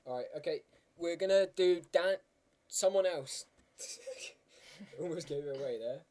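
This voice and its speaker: A man co-hosting a casual podcast, tossing in soft offhand asides. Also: fairly high pitch, unhurried. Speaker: podcast co-host.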